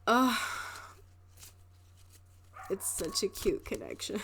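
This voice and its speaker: A woman's voice: mid-range voice, a little slow, long pauses, a little hiss or hum. A woman giving a casual tarot card reading to her viewers. She talks in a rambling, emotional way, laughing often and filling her speech with "like". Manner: rambling, emotional, with frequent laughs and filler words. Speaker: tarot reader.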